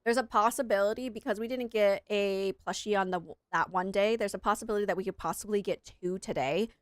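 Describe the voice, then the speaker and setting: A woman's voice: mid-range voice, fairly even intonation, fast, dry recording, studio quality. Chatty rambling woman streamer. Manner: rambling, chatty, self-deprecating. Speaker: English teacher. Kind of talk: live gaming stream chat.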